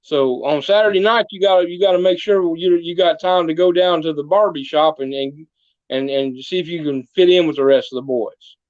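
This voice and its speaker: His pitch is fairly high and a little mellow, at a moderate pace, with no room sound and dull audio. The man plays a small-town mayor telling comic tall tales in a podcast interview, a folksy storyteller who does voices for his characters.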